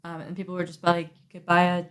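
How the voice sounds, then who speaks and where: A giggly woman co-hosting a relaxed podcast from home, chatting casually and laughing often as she tells her stories. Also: fairly low pitch, fast. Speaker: podcast co-host. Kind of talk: casual chat.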